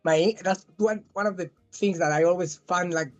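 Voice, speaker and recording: A man's voice: high-pitched, normal speed, highs cut off. A man in his thirties from southern Spain with a thick Spanish accent, chatting as a guest in a casual interview, often restarting and repeating words.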